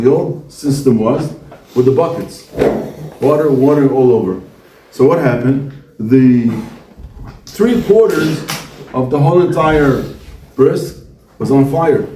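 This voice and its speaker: A man's voice: medium pitch, far from the mic, a little hiss or hum. A man, a visiting rabbi, giving a Torah talk to students, asking questions and answering them himself. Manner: animated, asks and answers his own questions. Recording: echoey room, speaker away from mic.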